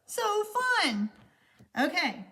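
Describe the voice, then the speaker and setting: High-voiced Texan woman live-streaming. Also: big pitch swings, very slow, slight background noise. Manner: warm, gushing, rambling with fillers. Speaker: card-making live stream host. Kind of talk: chatty live stream, reading viewer comments aloud.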